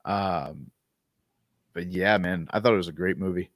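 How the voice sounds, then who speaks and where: Man, lowish voice, laid-back podcast chat, hesitant, dry sound. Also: a little slow, no room sound. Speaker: podcast co-host. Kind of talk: casual movie podcast chat.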